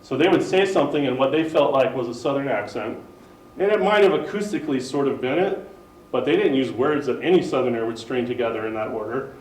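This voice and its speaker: A man's voice: medium pitch, quick pace, a little mellow, a little hiss or hum. American man explaining tech in an echoey room. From United States. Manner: conversational, explains with many ums and asides. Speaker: presenter at a tech meetup. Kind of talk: casual technical talk. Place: meeting room, live-streamed. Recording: roomy and distant with faint room ambience.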